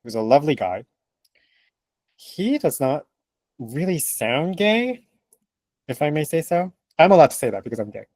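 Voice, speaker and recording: A man being interviewed as a translator. He speaks in an animated, emphatic way, laughs often and acts out what other people say. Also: on the high side, moderate pace, pauses often, dry recording. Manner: animated and emphatic, laughing, acting out quoted remarks. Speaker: translator, guest. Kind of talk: conversational interview answers.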